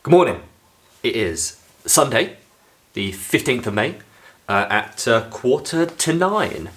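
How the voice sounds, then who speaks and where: A man's voice: mid-range voice, sing-song, slow, a bit bright. A man hiking and vlogging to a handheld camera outdoors on a coastal trail, chatty and upbeat, with frequent fillers. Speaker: hiker vlogger. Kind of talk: casual travel vlog.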